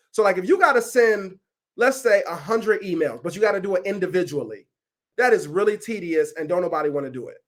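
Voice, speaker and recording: A man leading a resilience workshop over a video call, animated and casual, often checking in with his listeners. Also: sits high. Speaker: workshop facilitator. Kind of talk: energetic coaching talk on a video call.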